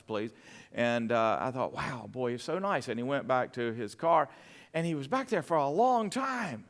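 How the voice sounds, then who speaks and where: Gravelly pastor telling a story. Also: male voice, mid-range voice, expressive, normal speed. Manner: storytelling with many restarts and fillers. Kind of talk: sermon.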